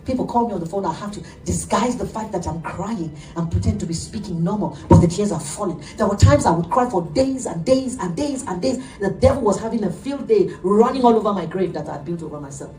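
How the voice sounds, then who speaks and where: A middle-aged woman pastor preaching an animated sermon, laughing often as she tells stories. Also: mid-range voice, a little fast, few pauses, soft background music. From Nigeria. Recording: echoey room, heard from a distance.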